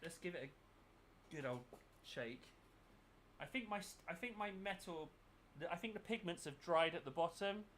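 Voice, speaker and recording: Bright-voiced man muttering while painting. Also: fairly high pitch, expressive, normal speed, a little hiss or hum. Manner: thinks aloud, mutters while working. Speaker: miniature painting channel host. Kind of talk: casual chat while painting.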